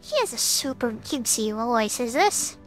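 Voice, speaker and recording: A woman's voice: a little high, very animated, normal speed. A woman streamer chatting casually as she plays, thinking aloud about the game. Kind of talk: casual gameplay commentary. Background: game music.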